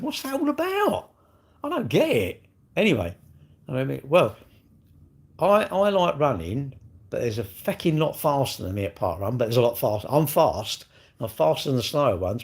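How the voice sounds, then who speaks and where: A middle-aged man with a British accent, chatting casually on a livestream and rambling through viewers' questions. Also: mid-range voice. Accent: British English. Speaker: livestream host answering chat. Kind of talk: casual chat.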